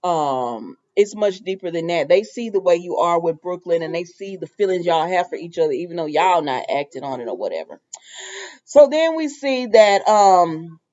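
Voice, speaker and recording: A woman's voice: fairly low pitch, sing-song, moderate pace, warm tone, muffled recording. A woman casually recapping a soap opera episode, chatty and loose, with lots of fillers and asides.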